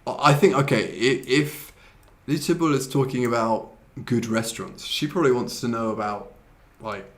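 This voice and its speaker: A man's voice: mid-range voice, moderate pace. A man hosting a live online English lesson, chatting casually with a co-host and reading out viewers' questions. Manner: chatty, switches to Korean to explain. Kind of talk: casual teaching chat.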